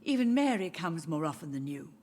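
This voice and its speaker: A woman's voice: sits low, big pitch swings, brisk, darkish tone, a little hiss or hum. A frail, confused old mother. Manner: wandering, tender, mournful. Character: frail confused elderly mother, grieving, gentle. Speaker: game character. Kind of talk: video game voice acting.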